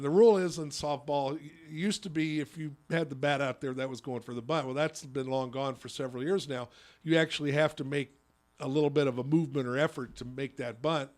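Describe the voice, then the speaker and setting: A man who hosts a radio talk show and coaches youth softball, telling a story with rambling restarts. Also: on the high side. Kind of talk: casual radio chat.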